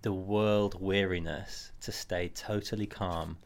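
A man's voice: deep voice, steady tone, slow pace, gravelly, a little hiss or hum. A man hosting a podcast, reacting and musing in a hesitant, reflective way. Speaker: podcast host. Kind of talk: casual interview.

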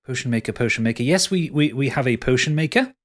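A man's voice: medium pitch, expressive, fast, fairly bright tone, natural voice. A man voicing a prim, fawning male city concierge who repeats his words. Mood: fussy polite.

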